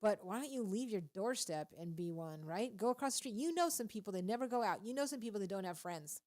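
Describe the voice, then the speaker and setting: A woman's voice: medium pitch, expressive, fast talker, a little mellow. A woman hosting a radio show, talking casually and preachily at a studio microphone with a lot of animation and frequent laughter. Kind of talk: casual faith-based radio talk.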